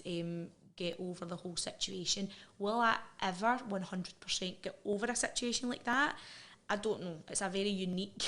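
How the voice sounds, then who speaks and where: A Scottish woman in her thirties talks candidly as an interview guest. She speaks with raw feeling and often stumbles and restarts her sentences. Her voice sits at an ordinary middle pitch. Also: fairly bright tone. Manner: frank and emotional, with frequent restarts.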